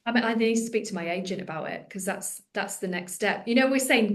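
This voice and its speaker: A woman's voice: medium pitch, quick pace, few pauses. Chatty, self-deprecating woman comedian. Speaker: comedian guest. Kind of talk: casual podcast chat.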